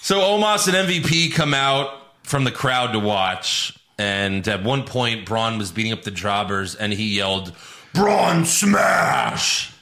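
A man hosting a wrestling podcast, casually recapping matches and mimicking wrestlers with loud mocking shouts. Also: on the low side, expressive, moderate pace, few pauses. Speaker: podcast host.

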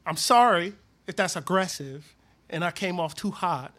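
A man's voice: high voice, normal speed, a bit bright. A man co-hosting a casual talk show, ranting with heavy profanity and raw passion. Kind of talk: heated casual chat.

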